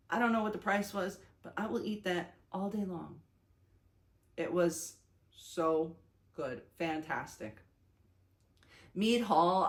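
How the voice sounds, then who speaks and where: A young woman vlogger in a casual talking-head video, talking excitedly and chattily with lots of fillers and restarts. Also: medium pitch.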